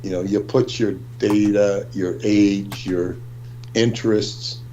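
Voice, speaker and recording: A man co-hosting a livestream discussion, speaking in a measured, deliberate way. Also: lowish voice, steady tone, mellow, muffled recording, slight background noise. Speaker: livestream co-host.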